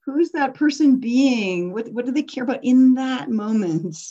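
A woman's voice: fairly high pitch, lively intonation, measured pace, mellow, dull audio. A woman teaching a persuasion workshop in a casual, conversational way, often putting questions to her audience.

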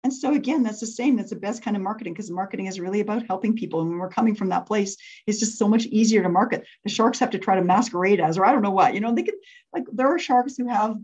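A woman's voice: mid-range voice, fast talker, darkish tone, slightly rough. A woman leading an interactive workshop for entrepreneurs. She laughs often and asks the group to raise their hands.

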